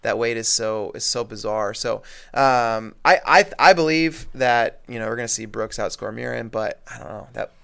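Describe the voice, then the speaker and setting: A man's voice: medium pitch, normal speed, gravelly, a bit bright, smooth. A man co-hosting a casual sports podcast, talking in long rambling turns full of fillers. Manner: rambling, many fillers and restarts. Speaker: podcast co-host.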